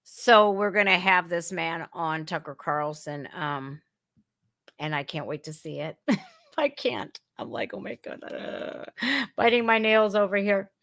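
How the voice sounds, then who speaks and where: A woman's voice: fairly low pitch, a little slow, fairly bright tone, no echo, clean studio sound. A woman hosting a casual reaction livestream, chatty and exclamatory, talking straight to her viewers. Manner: chatty, exclaiming, laughing asides. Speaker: commentary livestream host.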